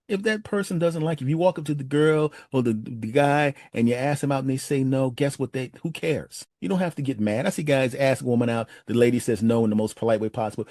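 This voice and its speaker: A man's voice: mid-range voice, brisk, hardly any pauses, darkish tone, no room sound. A man doing stand-up, telling stories in a conversational way and talking straight to the audience. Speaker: stand-up comedian. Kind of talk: stand-up storytelling.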